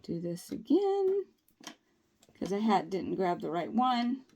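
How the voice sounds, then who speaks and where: A woman's voice: mid-range voice, very animated, slow, darkish tone, slight background noise. Woman, nail tutorial vlogger, chatty, upbeat, reassuring, folksy. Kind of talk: casual tutorial talk.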